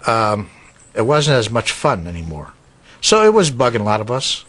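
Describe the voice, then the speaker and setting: A man's voice: mid-range voice, huge pitch swings, normal speed, fairly bright tone, no echo. A man in an interview, speaking in a hesitant, thoughtful way about the past. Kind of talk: reflective interview.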